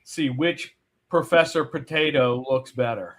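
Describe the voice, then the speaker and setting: A man's voice: medium pitch, measured pace. A man who is a guest on a casual morning live show, teasing and laughing a lot. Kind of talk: casual live-stream chat.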